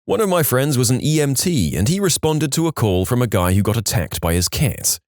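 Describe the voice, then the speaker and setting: A man's voice: mid-range voice, big pitch swings, a little fast, darkish tone, no room sound. A man reading funny reader-submitted stories aloud in a scripted narration with a dry comic delivery.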